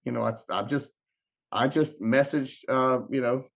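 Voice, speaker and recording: A man's voice: medium pitch, measured pace, vocal fry. A man giving an emotional personal testimony as a podcast guest, acting out voices in his story with many restarts. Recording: dull lo-fi audio.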